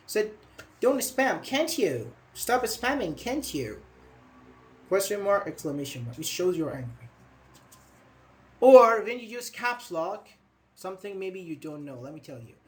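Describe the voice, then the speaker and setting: A man's voice: high-pitched, slight background noise. A man. He explains patiently with everyday examples and repeats his phrases. He also acts out short quoted lines. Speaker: English teacher. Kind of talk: online grammar class.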